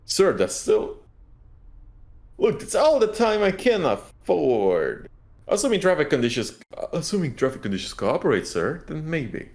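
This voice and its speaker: Guy doing a nervous polite middle-aged cab driver, sir this sir that, pitched up and bouncy. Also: sing-song, unhurried, darkish tone. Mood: hedging. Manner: hedging, apologetic, polite.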